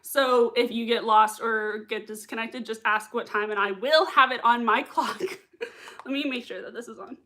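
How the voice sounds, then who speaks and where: A woman's voice: fairly high pitch, moderate pace, bright, forceful tone. A young woman hosting a casual livestream, reacting to a TV episode with bubbly, giggly chatter and reading chat comments aloud. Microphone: desk mic with earbuds.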